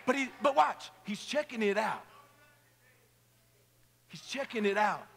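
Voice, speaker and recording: High, bright-voiced pastor in an echoey hall. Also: male voice, very animated, unhurried, gravelly, pauses often, breathy edge. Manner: playful, joking, rallying the crowd. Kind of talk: energetic youth sermon with call-and-response. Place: large hall at a youth camp.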